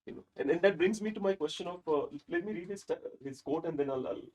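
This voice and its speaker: Fast gravelly man with an Indian accent. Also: on the high side, expressive, low-quality recording. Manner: eager, explains at length. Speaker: host. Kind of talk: casual interview chat.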